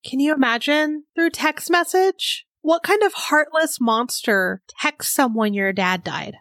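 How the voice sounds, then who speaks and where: A woman's voice: high voice, expressive, a little slow, fairly bright tone, no echo, clean studio sound. A woman from Arizona co-hosting a podcast, telling a true-crime story casually with many fillers. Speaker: podcast co-host.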